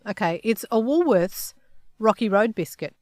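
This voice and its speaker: A woman's voice: mid-range voice, expressive, normal speed, a little mellow, no room sound, studio quality. A woman co-hosting a podcast, chatting casually and confidently about snacks and TV. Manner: confident, breezy, opinionated. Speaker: podcast co-host. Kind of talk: casual chat, food tasting.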